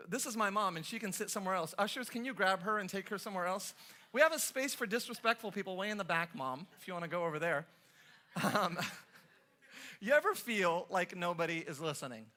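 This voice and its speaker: A man's voice: high-pitched, sharp tone. A man from the Los Angeles area preaching a sermon, telling stories and teasing his congregation in a playful, joking way. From Los Angeles area, USA. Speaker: pastor. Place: church service before a congregation.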